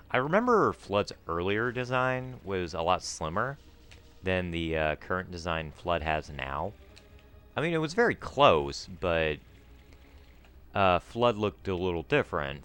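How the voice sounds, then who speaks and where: A man's voice: low voice, a bit bright, clean tone. A man hosting a let's play, chatting casually and rambling through trivia while he plays, and yelping when he fails. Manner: yelps when failing in the game. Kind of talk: casual gameplay commentary.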